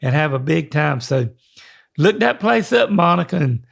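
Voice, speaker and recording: An older man, co-hosting a podcast in a rambling, folksy way with halting restarts. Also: on the high side, big pitch swings, vocal fry. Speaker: podcast co-host. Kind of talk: casual podcast chat.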